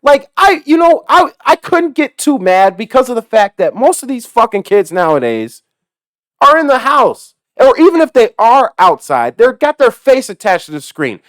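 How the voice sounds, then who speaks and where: A delivery driver spins a yarn in a foul-mouthed, animated rant, his pitch leaping up and down as he gets worked up. The man's voice sits close and dry, with no room around it. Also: normal speed, no room sound. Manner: swears constantly, animated, laughs at his own story. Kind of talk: profane storytelling rant.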